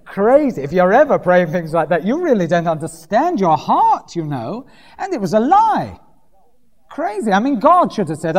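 A man preaches with a wildly lively, swooping delivery, slipping in and out of quoted voices with dry humour. His voice rings with a long reverb, as if recorded in a church hall. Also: high-pitched, moderate pace. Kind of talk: sermon.

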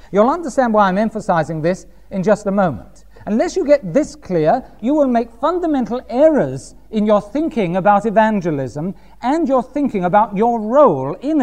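A man preaching a sermon, reading scripture slowly and pressing his points with emphatic rhetorical questions. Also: high-pitched, a little mellow.

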